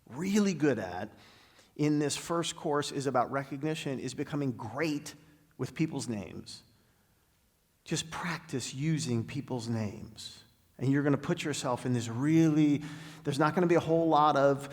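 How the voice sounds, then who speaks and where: A middle-aged man giving an inspirational talk as a guest speaker, telling stories with dramatic pauses and slowing down for emphasis. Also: medium pitch. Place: large spiritual center hall. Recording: long hall reverb.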